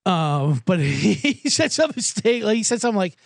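A man's voice: sits high, expressive, normal speed, vocal fry, no room sound, studio quality. A man hosting a sports betting podcast alone in a small booth, talking in a rambling, profane, self-mocking way. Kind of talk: casual sports betting talk on a live podcast. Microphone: studio microphone.

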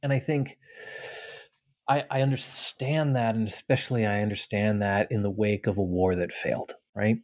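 Earnest low-voiced man, dry close mic. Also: fairly even intonation, moderate pace, a little mellow, no room sound. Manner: earnest, thoughtful, many restarts and "right?" tags. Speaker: author and veteran guest. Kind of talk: reading aloud then interview answers.

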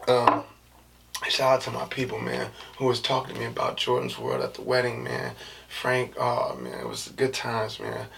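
A man hosting his own podcast, talking in a loose, slangy, rambling way with lots of fillers and a soft, low-key delivery. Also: flat delivery, moderate pace, vocal fry, a crowd in the background. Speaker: podcast host. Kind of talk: casual solo podcast chat. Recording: distant mic with faint background noise.

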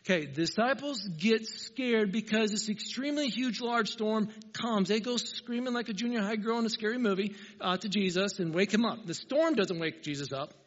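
A man preaching a sermon, telling the story with animated, emphatic asides. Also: high voice, normal speed, hardly any pauses. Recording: reverberant hall, dull lo-fi sound.

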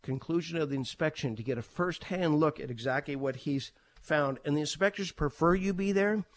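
A middle-aged man, a realtor, explaining the home-buying process in a plain, practical way. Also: mid-range voice. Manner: plain, practical, steady explaining with occasional fillers.

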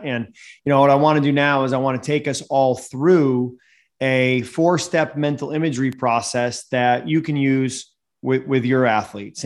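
A man hosting a podcast and speaking at a seminar, with an energetic, motivational delivery. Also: mid-range voice. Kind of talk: seminar talk.

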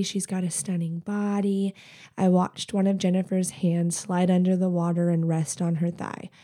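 A woman podcast host reading an erotic story aloud, with steady, intimate storytelling. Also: on the low side.

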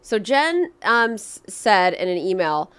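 A woman's voice: mid-range voice, big pitch swings, unhurried, fairly bright tone, clean tone. A woman hosting a podcast, talking in a blunt, profane, opinionated way in casual chat. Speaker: podcast host.

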